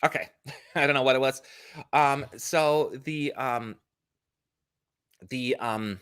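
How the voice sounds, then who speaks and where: A man co-hosting a casual podcast chat over a video call, expressive and opinionated, laughing often. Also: mid-range voice, slow pace, clear, resonant tone, dry recording, clean studio sound. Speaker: co-host.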